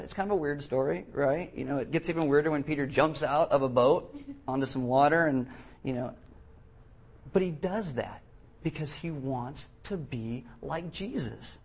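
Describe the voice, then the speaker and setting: A man preaching a sermon, animated, reading scripture aloud with emphasis and acting out the quotes. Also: medium pitch, slightly rough.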